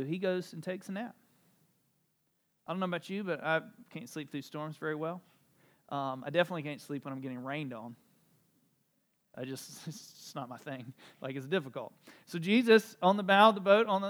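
A man with a high voice preaches a sermon in an easy, conversational way. He jumps from loud, stressed phrases to quiet, low asides and slips in light jokes about himself. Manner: conversational, animated, with asides and self-deprecating humor; strong swings between loud emphasis and soft low delivery. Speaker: pastor.

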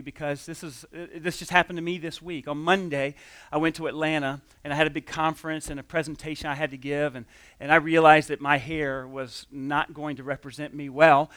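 A man preaching in an easygoing, storytelling way, pausing and restarting as he acts out quoted dialogue. His voice sits a little high for a man, and the sound is dry and close. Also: fairly bright tone, smooth, no room sound. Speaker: pastor. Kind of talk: sermon with object lesson and personal story.

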